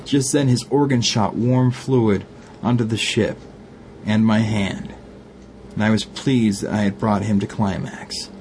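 A man with a Glaswegian accent reading an erotic story aloud, calmly narrating and voicing the lovers with light shifts. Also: on the low side, measured pace, slight background noise.

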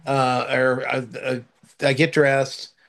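A man's voice: mid-range voice, monotone, slow, vocal fry, a bit bright. An older man chatting casually as a co-host, telling a long anecdote with many restarts and fillers. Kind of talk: casual chat.

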